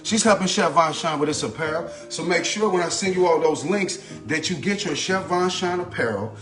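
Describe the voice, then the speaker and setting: A man's voice: fairly high pitch, brisk, a bit bright. A man hosting a casual cooking livestream, greeting viewers by name in a chatty, repetitive way. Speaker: cooking channel host. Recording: faint background music. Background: background music.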